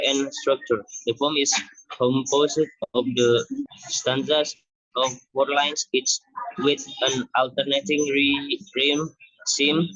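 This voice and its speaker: Halting young man presenting class work. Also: mid-range voice, a bit bright, dry recording. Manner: halting, restarts words often. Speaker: student presenter. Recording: dull lo-fi recording.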